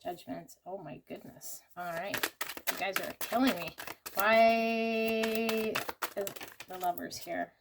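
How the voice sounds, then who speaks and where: A woman's voice: lowish voice, background noise. A woman giving a casual pick-a-card tarot reading to her viewers, emotional and chatty with many fillers. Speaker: tarot reader.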